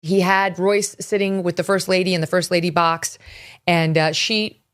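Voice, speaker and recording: A woman with a somewhat low voice gives news commentary. She talks conversationally, walking through events step by step. Her tone stays even and informal. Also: normal speed, clear, resonant tone.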